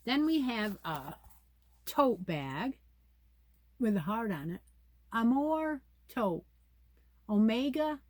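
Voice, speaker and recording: A woman's voice: fairly low pitch, darkish tone. A woman hosting a casual yarn chat, reading pattern details aloud and musing to herself as she goes. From United States. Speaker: crochet channel host.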